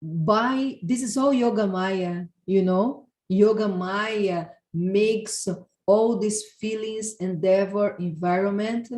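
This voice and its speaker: Woman giving a devotional talk, slow and halting, lots of restarts, echoey room. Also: medium pitch, darkish tone. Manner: storytelling with laughs and halting restarts. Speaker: devotional speaker.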